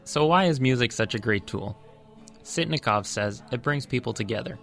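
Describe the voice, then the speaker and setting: A male radio reporter reading a scripted community news piece in a measured, even delivery. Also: medium pitch, vocal fry, soft background music.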